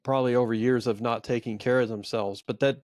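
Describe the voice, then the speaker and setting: A man's voice: medium pitch, steady tone, fast, darkish tone, dry recording, studio quality. A man in his forties co-hosting a faith podcast, telling a personal story in a rambling, earnest, self-reflective way. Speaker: podcast co-host. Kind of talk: casual storytelling chat.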